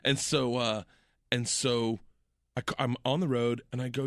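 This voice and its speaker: A man's voice: medium pitch, animated, brisk, no room sound, studio quality. A young man, a comedian, telling rambling stories in casual chat, laughing often and acting out what people said. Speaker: comedian guest.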